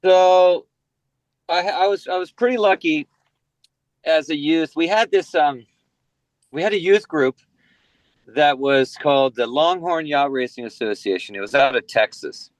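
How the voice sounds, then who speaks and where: A man's voice: fairly high pitch, measured pace, long pauses, no echo. An American man in his forties from San Diego, talking as a podcast guest in a loose, rambling way full of "you know" and restarts. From San Diego, USA. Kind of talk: casual podcast conversation.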